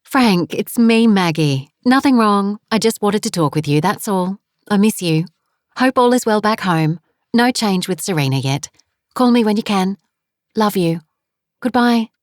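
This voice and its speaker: A woman's voice: medium pitch, expressive, unhurried, no room sound, studio quality, pitched above the performer's own voice, lightly acted. A woman voicing Maggie, a worried middle-aged mother who speaks tenderly and anxiously.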